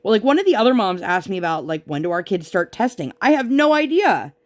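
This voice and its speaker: A woman's voice: lowish voice, lively intonation, quick pace. A woman vlogger chatting casually while she crafts, venting her frustration as she retells an argument.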